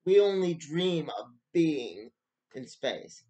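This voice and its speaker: A man with a slightly high voice talks slowly through a casual book review. He rambles and keeps stopping to restart his sentences. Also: sing-song, warm tone. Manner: rambling, stop-start with many restarts.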